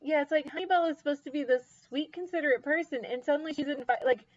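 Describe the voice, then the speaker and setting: A woman co-hosting a casual book discussion, lively and quick to act out characters' lines. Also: high-pitched. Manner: animated, acts out quoted characters, frequent laughs. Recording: dull lo-fi recording.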